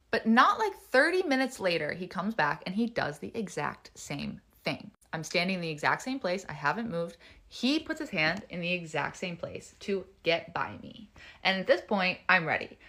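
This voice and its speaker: A woman's voice: on the low side, bright, forceful tone. Woman ranting thru a storytime, fired up, swears a lot, talks to camera. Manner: heated, emphatic retelling with swearing.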